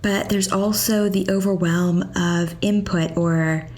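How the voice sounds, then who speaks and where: A woman's voice: fairly low pitch, steady tone, takes it slowly. Affirming woman podcast host. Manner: affirming, gentle interviewer. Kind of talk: casual conversational interview.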